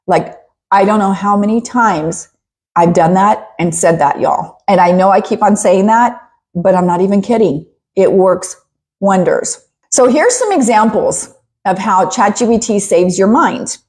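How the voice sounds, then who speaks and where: A middle-aged woman hosting a podcast in a casual, chatty monologue, animated and laughing often. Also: mid-range voice, measured pace. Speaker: podcast host.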